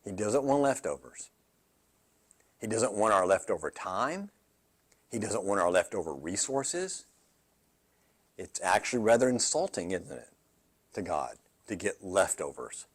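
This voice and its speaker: A man's voice: on the low side, big pitch swings, a little slow, long pauses, breathy edge. A man pastor teaching a midweek Bible study in a conversational way. He often checks in with "right?" and repeats words as he goes. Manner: conversational, asks the group questions like "right?".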